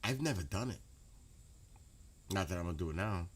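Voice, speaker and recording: A man's voice: sits low, expressive, fairly quick. A man, chatting casually and profanely to his late-night stream audience. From New York. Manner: rambling, profane, laughs loudly.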